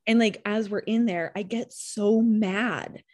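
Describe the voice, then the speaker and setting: A woman's voice: medium pitch, fairly even intonation, slow, a little mellow. A woman and mother chatting casually, rambling reflectively with many fillers. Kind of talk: casual chat.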